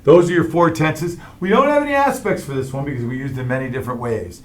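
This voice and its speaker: Middle-aged guy teaching latin grammar, kinda high voice, keeps going "all right?" as he explains each step. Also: quick pace. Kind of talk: classroom grammar lesson.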